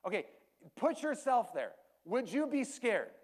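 A man pastor preaching a sermon, telling a personal story candidly and emotionally, dropping to a hush and then rising animatedly. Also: very high-pitched, big pitch swings, measured pace.

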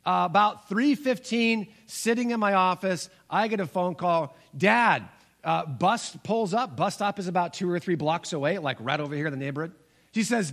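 A man's voice: high voice, normal speed, fairly bright tone. A man in his forties preaching a sermon as pastor, telling stories and acting out the voices in them. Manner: storytelling, acts out voices in quotes.

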